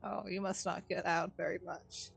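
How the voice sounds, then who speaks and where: A woman's voice: lowish voice, level tone, moderate pace, vocal fry, slightly rough, dry recording, faint music behind. A woman playing a tabletop game, teasing the others in a playful way. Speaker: player. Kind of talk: casual tabletop play.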